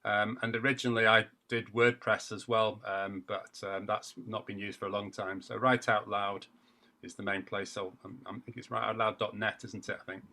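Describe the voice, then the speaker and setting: A man being interviewed as a poet, talking in a casual, reflective, self-deprecating way, with thoughtful pauses and fillers. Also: lowish voice, little pitch movement, sharp tone. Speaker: poet guest.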